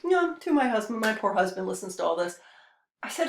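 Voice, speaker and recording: A woman's voice: fairly high pitch, sing-song, a little fast, roomy sound. A woman hosting a spiritual channel, speaking in a casual monologue that rambles with many restarts and hesitations.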